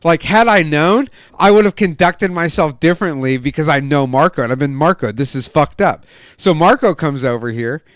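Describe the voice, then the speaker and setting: A young man on a casual podcast, telling a heated story full of swearing and acting out quoted lines loudly. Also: moderate pace, dry recording, clean studio sound. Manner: profane, animated storytelling, acts out quotes with loud raised pitch. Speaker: podcast co-host.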